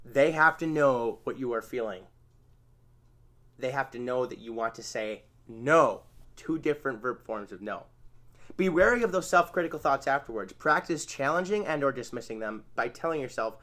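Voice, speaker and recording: A man's voice: medium pitch, brisk, a bit bright. A man hosting an informal spoken lesson on therapy skills, talking conversationally and acting out sample phrases. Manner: conversational, acts out sample phrases, self-correcting. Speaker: channel host teaching therapy skills.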